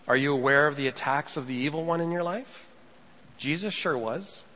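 A male pastor preaching a sermon, swinging between hushed lines and raised emphatic ones as he acts out scripture. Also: fairly high pitch, normal speed. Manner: rising and falling preaching delivery, quotes scripture dramatically. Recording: long reverb of a large hall.

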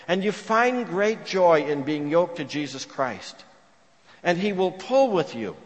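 Earnest male preacher in an echoing hall. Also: fairly high pitch. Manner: earnest storytelling, drops to a hush for quoted prayers. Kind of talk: sermon. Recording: long reverb of a large hall.

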